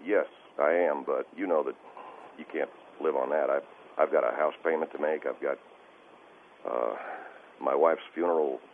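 A male caller on a radio show, talking in a halting, stammering and distressed way over the phone. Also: very deep voice, fairly even intonation. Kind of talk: call-in radio conversation. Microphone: telephone. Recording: tinny phone line with faint hiss.

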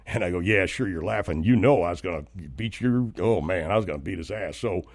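A man voices an indignant, aggrieved suburban husband in a comedy bit, stammering and tripping over his own words as he complains. His voice sits low. The sound is close and dry. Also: brisk, dry recording. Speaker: host of a comedy segment. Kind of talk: comedic character monologue.

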